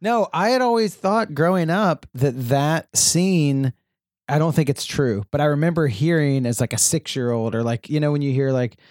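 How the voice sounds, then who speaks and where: A man's voice: a little high, moderate pace, darkish tone, no room sound, studio quality. A man co-hosting a podcast, rambling through casual chat with self-deprecating jokes. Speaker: podcast co-host.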